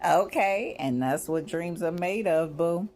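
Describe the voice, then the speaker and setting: A woman's voice: on the low side, darkish tone, a little hiss or hum. A woman rambling in a casual vlog, swearing freely, laughing often and quoting what she and others said. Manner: profane, laughing, quoting herself in asides. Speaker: vlogger.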